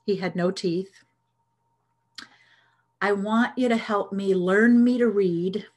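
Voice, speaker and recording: A woman's voice: mid-range voice, slow. A middle-aged woman telling a personal story in an earnest, reflective way, with hesitant restarts. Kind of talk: storytelling talk.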